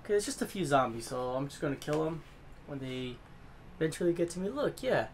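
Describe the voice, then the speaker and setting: A man giving let's-play commentary as a gaming host, swearing a lot and swinging from low muttering to yelling at the game. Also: sing-song, brisk, slight background noise.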